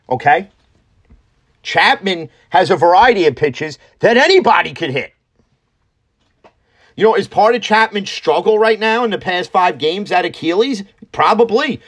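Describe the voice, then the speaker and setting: A man talks sports in a blunt, ranting way, swearing freely as he argues his points. His voice sits a little higher than most men's. It is casual, opinionated monologue delivered straight to the listener. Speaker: sports podcast host.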